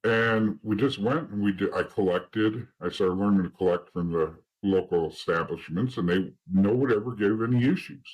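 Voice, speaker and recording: A man in his thirties with a husky, slightly low voice, telling his story as an interview guest. He rambles loosely, restarts sentences and chuckles at the darker details. The delivery is casual and unpolished. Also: moderate pace, few pauses, a little mellow, rough recording. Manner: rambling, laughs at grim details, restarts often. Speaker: interview guest, former mob associate turned informant.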